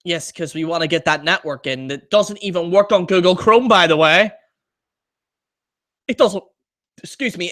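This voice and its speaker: High-pitched man ranting. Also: moderate pace, pauses often, pushed and bright. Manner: exasperated and incredulous. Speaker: live-stream host. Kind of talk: ranting live-stream chat.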